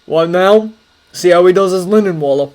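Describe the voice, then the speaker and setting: Woman voicing a gruff, cussing army sergeant. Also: fairly low pitch, moderate pace, darkish tone, natural voice. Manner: blunt, swears constantly. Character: gruff hard-drinking male army master sergeant. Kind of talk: audiobook character voice.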